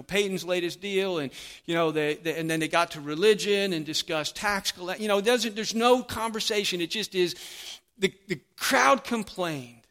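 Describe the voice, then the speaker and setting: Bright-voiced animated man preaching. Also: fairly high pitch. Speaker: pastor. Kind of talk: sermon.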